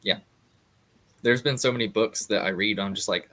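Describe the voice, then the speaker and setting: A man's voice: fairly low pitch, fairly quick, pushed and bright. A man as a guest in a casual book discussion, speaking earnestly with many fillers.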